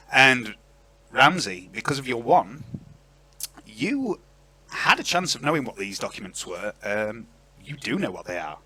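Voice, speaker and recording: A man narrating as game master of a tabletop game, chatty and lively, on an online voice call. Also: mid-range voice, a little slow, pauses often, breathy edge, no echo. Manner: lively, chatty, filler-heavy.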